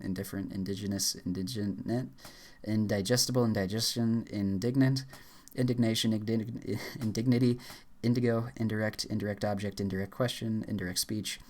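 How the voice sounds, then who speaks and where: A young man reading dictionary entries aloud at speed, rattling words off in flat bursts and stumbling over some. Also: fairly low pitch. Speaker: YouTuber.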